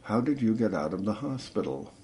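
A man reading a novel aloud, voicing a suave middle-aged man with a rich, deep voice who quotes verse. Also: big pitch swings, fairly quick, mellow, a little hiss or hum. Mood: gentle.

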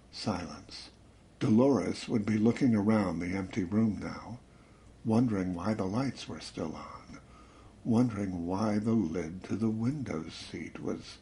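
A man narrating a suspense story in a measured, dramatic reading that slows and drops to a hush at tense moments. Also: fairly low pitch. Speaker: audiobook narrator.

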